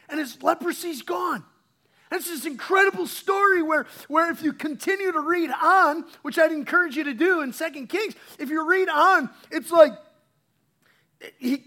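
A woman pastor preaching a sermon, telling a Bible story in a casual, chatty way with many restarts and fillers. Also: high-pitched. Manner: soft, quiet opening prayer.

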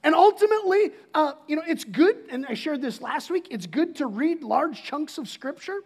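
A man's voice: very high voice, lively intonation, moderate pace. A middle-aged man preaching a sermon as pastor, casual and joking, often restarting his sentences.

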